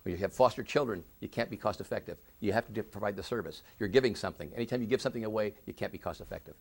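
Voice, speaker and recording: Gravelly low-voiced man, earnest interviewee. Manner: earnest, halting with frequent restarts. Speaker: interviewee, victim services director. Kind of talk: oral history interview.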